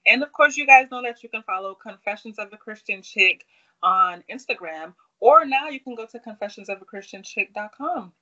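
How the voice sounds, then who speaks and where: Woman podcast host, bright voice, affirming, summarizing, dull lo-fi sound. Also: a little high, animated, a little fast. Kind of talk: faith-based podcast chat.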